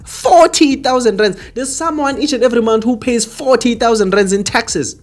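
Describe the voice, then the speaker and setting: A man's voice: very high voice, moderate pace, soft background music. A man hosting an opinionated commentary monologue, talking earnestly and repetitively straight to his viewers. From South Africa. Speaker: commentary channel host.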